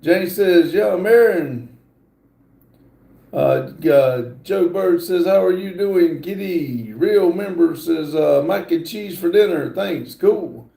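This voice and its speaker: A middle-aged man, hosting a casual livestream and slowly reading viewer comments aloud with many fillers. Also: high-pitched, lively intonation, gravelly, dark tone, echoey room. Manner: slow, drawling, reads chat aloud with many fillers. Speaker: livestream host.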